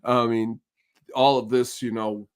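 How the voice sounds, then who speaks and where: A man's voice: mid-range voice, measured pace, clean tone. A middle-aged man, a podcast guest in casual chat, telling stories and acting out the people he quotes. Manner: animated storyteller who acts out the people he quotes.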